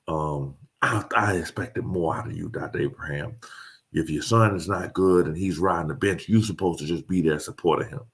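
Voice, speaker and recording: A man's voice: deep voice, moderate pace. A man, talking casually to his online audience, joking and laughing often. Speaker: host.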